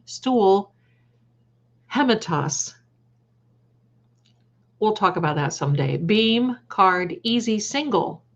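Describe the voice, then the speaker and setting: Woman, psychic livestream host, unhurried and halting, reads word lists aloud; muffled, low-fi sound. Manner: halting, trails off and restarts. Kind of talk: livestream chat with viewers.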